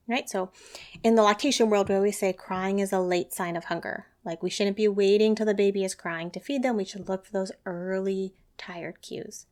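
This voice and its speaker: A woman talks through a solo parenting podcast in a conversational way. She sounds earnest and reassuring and keeps checking in with the listener. Her voice sits at an ordinary middle pitch. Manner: conversational, often tags lines with "right?"; earnest and reassuring, lively emphasis. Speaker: podcast host, parenting educator.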